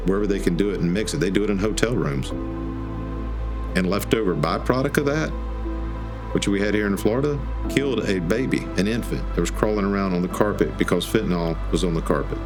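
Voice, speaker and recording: A man's voice: deep voice, fairly quick, over music. A man speaking as a law enforcement official in an interview, emphatic and repeating phrases for weight.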